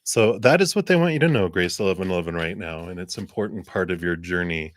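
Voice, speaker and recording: A man with a very deep voice gives tarot readings on a live stream. He speaks gently and encouragingly, drifting through fillers and restarts. The sound is dry and close, with no room around it. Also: expressive, quick pace, no echo. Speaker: tarot reader.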